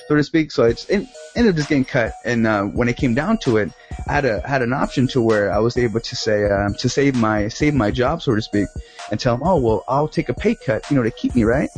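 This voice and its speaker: A man's voice: mid-range voice, animated, fairly quick, faint music behind. Rambling, profane man telling a story. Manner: rambling, profane, laughs often. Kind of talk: casual chat.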